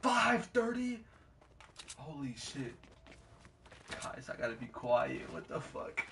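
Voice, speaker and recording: A man streaming a game from home at night, talking in slang, getting excited and yelling trash talk at the game. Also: on the high side, takes it slowly, vocal fry. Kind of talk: casual gameplay commentary. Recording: distant mic with steady background noise.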